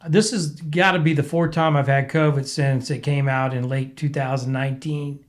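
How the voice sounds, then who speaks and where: A man's voice: on the high side, steady tone, moderate pace. A man hosting his own podcast, casually rambling and venting, his voice clogged and cracked from being sick. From American Midwest. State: congested, recovering from illness. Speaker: podcast host. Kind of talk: casual solo podcast chat.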